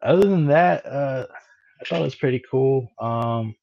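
Laid-back male podcast co-host, halting delivery with frequent laughs, muffled lo-fi recording. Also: medium pitch, creaky, a little mellow, a little hiss or hum. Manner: laid-back, hesitant, laughs often, mimics lines. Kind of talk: casual movie review chat. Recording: dull lo-fi sound.

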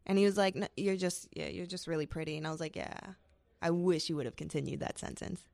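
A woman's voice: on the low side, fast talker, creaky, darkish tone, no echo. A young woman guest on a podcast, telling a personal story candidly and wryly, quoting what was said. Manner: candid, quoting herself and others, wry. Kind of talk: casual storytelling chat.

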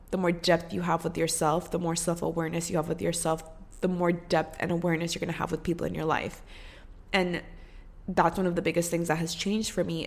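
Earnest woman, low voice, podcast monologue. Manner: earnest, frequent swearing and "like" fillers; slows down for emphasis, repetitive. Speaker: podcast host. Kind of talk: casual heartfelt monologue.

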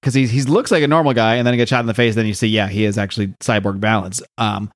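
A man's voice: on the low side, fairly even intonation, fast, no echo. A man co-hosting a comics podcast, chatting casually and adding dry, joking asides. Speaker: podcast co-host.

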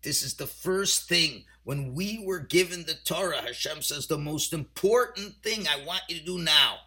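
Man, rabbi, Torah portion talk, emphatic storyteller, high voice, very bright and forceful tone. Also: lively intonation, moderate pace. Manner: emphatic storytelling, swinging from quiet to loud; mixes in Hebrew and Yiddish terms.

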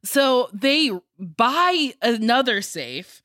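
A woman's voice: a little high, sing-song, very slow, sharp tone, no room sound, studio quality. A woman in casual podcast chat, telling stories with lots of laughter, swearing freely and acting out other people's lines. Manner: acts out other people's lines in mock voices.

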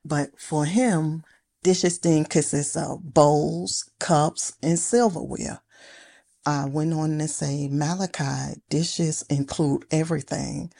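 A mother tells a family story slowly and plainly. Her voice is very low, mellow, and gravelly. She gives each part of the story room. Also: steady tone. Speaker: listener sending a voice memo. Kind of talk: recorded personal story.

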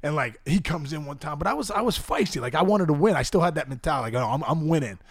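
Middle-aged man, gravelly voice, lively comic storyteller, somewhat high pitch. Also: fast talker, no echo, clean studio sound. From Pittsburgh area, USA. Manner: animated, acts out quotes with shouts and laughs. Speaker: podcast guest.

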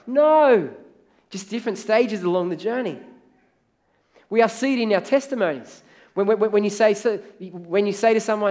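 A man's voice: high-pitched, moderate pace, darkish tone. A middle-aged man preaching a sermon as pastor, in a conversational way, acting out the voices of the people he quotes.

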